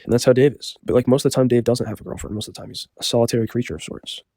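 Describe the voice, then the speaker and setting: A man casually telling a story, rambling with lots of filler words and a deadpan delivery. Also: medium pitch, rapid-fire, no room sound, studio quality.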